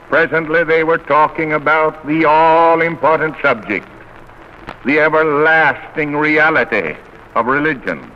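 A man's voice: on the high side, pushed and bright, slight background noise. Man preaching on old lo-fi radio. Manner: earnest, measured oratorical delivery. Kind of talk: sermon. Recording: dull lo-fi old radio recording.

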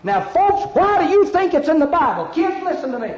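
A man's voice: extremely high pitch, big pitch swings, a little fast. A man preaching an emphatic revival sermon, telling a story with a repetitive, pleading cadence to his congregation. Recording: echoey lo-fi church recording.

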